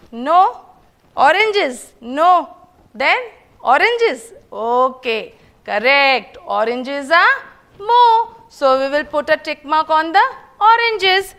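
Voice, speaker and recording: A woman's voice: high voice, pushed and bright. A middle-aged woman with an Indian English accent teaching a kindergarten class, coaxing the children and answering her own questions in a sing-song way. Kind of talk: online class lesson for young children.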